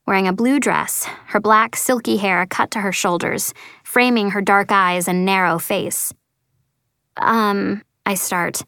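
A woman's voice: medium pitch, a bit bright, no room sound, studio quality. A woman reading a first-person story as an audiobook narrator, earnest and lightly voicing the dialogue.

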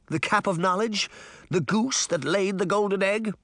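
A man's voice: high voice, normal speed, a bit bright, no room sound, voice pushed up. A man voicing a careless, self-assured rogue in an audiobook, sounding brash and impatient. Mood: needling. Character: cocky, careless roguish man. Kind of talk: audiobook character voice.

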